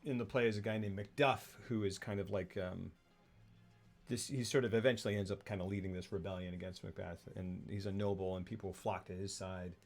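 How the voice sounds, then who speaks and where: A man's voice: low voice, steady tone, brisk, faint music behind. A man co-hosting a casual film talk show, recapping a plot in a rambling way and acting out the characters' lines. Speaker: podcast co-host. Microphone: streaming mic.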